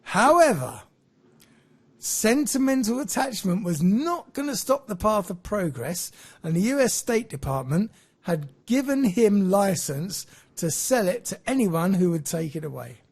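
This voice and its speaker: A man's voice: high voice, very animated, unhurried, breathy edge. A man hosting a podcast, telling a story in a chatty way and laughing at his own jokes.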